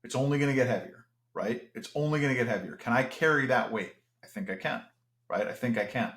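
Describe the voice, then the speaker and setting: In a casual podcast conversation, a man appears as an interview guest, speaking earnestly and reflectively with frequent restarts. His mid-range voice is a little fast and a bit bright, and the recording is reverberant.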